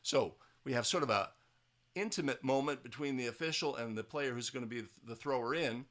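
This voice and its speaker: A man with a bright, forceful voice leads a casual instructional breakdown of basketball officiating footage. He speaks at a mid pitch and keeps checking in with "right?" as he goes. His sentences often restart partway through. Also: fairly quick. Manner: tags points with "right?", frequent restarts.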